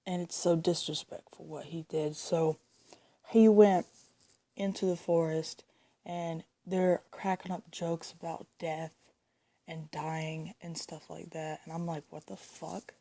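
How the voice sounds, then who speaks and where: A woman's voice: sits low, steady tone, slow pace, warm tone. A young woman ranting indignantly into her phone, swearing and repeating herself as she talks. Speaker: vlogger. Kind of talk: angry casual rant.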